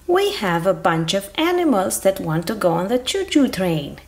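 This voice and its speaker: A woman's voice: mid-range voice, very animated, normal speed, hardly any pauses, heavy background noise. A woman narrating a children's toy play as a doll train conductor, cheerful and sing-song. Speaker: toy video host voicing a conductor doll.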